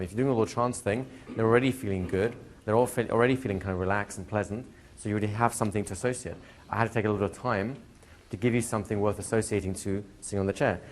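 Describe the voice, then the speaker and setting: Guy teaching a hypnosis class, kinda low voice, easygoing, drifts into slow soothing trance talk. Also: a little hiss or hum. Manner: relaxed, slows into soft hypnotic suggestions. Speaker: hypnosis trainer. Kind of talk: live training lecture. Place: training room with a seated audience.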